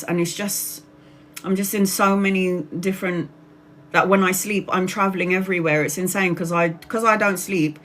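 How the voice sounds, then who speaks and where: A woman's voice: medium pitch, steady tone, moderate pace, a bit bright, a little hiss or hum. A woman from Brazil, a tarot reader telling personal stories on a livestream in a chatty way, laughing often and acting out other people's voices. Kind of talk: casual personal storytelling.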